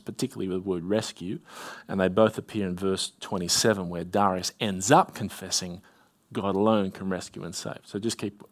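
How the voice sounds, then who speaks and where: Man preaching, reading scripture aloud. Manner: expository, reads scripture aloud with rising emphasis; drops to a soft, low voice on key points. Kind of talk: sermon.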